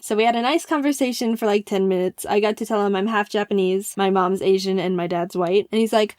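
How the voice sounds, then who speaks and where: A woman narrating a comedic storytime for an animated video, playful and excitable, slipping into quick impressions. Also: medium pitch, no echo, clean studio sound. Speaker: animation channel host.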